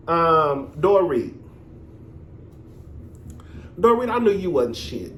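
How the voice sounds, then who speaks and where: A man hosting his own reality TV review vlog, talking in a sassy, animated, profane gossip style with drawn-out emphasis. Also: a little high, reverberant, a little hiss or hum. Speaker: reality TV reviewer, show host. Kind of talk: casual commentary vlog.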